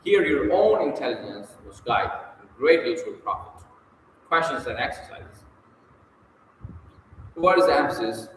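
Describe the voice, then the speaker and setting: Working through a textbook, a man reads in short, emphatic bursts before answering its study questions on the spot, at times with hesitation. His medium-pitched voice is sing-song, unhurried, and a bit bright, with frequent pauses, recorded in a heavily reverberant room with faint noise.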